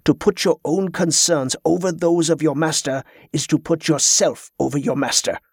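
A grave old master of a fighting school, cold and clipped, giving orders in a flat voice, as a man puts him on for an audiobook. His voice sits a little high and the sound is dry and close. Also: normal speed, breathy edge, no room sound. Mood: stern.

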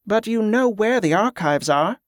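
Narrator doing a formal monk man, middle-aged, measured, storybook, dry recording. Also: mid-range voice, lively intonation, no echo, pitched above the performer's own voice, lightly acted. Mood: calm.

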